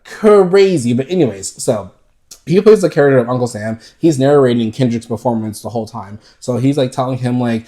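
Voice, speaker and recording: A man from the United States co-hosting a podcast, telling stories in a lively, profane, laughing way. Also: medium pitch, normal speed. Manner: animated, profane, laughing storyteller. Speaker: podcast co-host. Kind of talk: casual chat.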